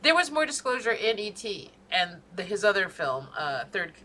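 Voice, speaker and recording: Woman, podcast co-host, casual chat, bright forceful tone, profane ranting storyteller. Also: mid-range voice, sing-song, moderate pace, slight background noise.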